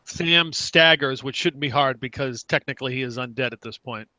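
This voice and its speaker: A man's voice: medium pitch, normal speed, bright, forceful tone, no echo, rough recording. A man playing a tabletop game, describing his character's actions with dry jokes. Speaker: player. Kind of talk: casual tabletop play.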